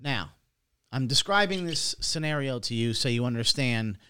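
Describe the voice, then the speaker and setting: A man's voice: medium pitch, expressive, moderate pace, sharp tone, clean tone. A man co-hosting a podcast, telling a rambling, profane story in casual chat and acting out the quotes. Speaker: podcast co-host.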